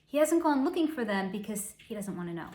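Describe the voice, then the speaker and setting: A woman's voice: mid-range voice, sing-song, quick pace, darkish tone. A woman hosting a casual psychic reading, talking in a snarky, sarcastic, profane way. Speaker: psychic channel host. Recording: roomy echo.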